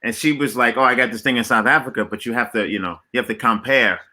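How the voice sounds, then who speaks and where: A man with a very bright, sharp tone chats casually as a guest on a video call. He talks loosely, with lots of "like" and "you know", at a middle pitch. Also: quick pace. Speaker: guest comedian. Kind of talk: casual chat.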